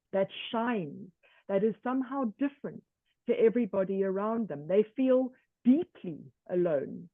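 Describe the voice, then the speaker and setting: A woman presenting a workshop lecture in a measured way, often slipping into first-person examples. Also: mid-range voice, dry recording. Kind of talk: online lecture. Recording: tinny dry call audio.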